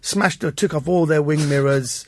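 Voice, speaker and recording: A man guest telling animated anecdotes in an interview, acting out the voices of people in his stories. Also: a little high, measured pace, no room sound. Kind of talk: anecdotal storytelling.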